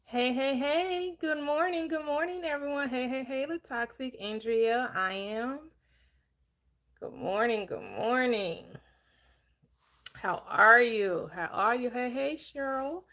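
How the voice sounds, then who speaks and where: A woman hosting a live-streamed book club, upbeat and chatty, greeting viewers with quick repeated words. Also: high-pitched, pushed and bright. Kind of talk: live-stream chat and discussion.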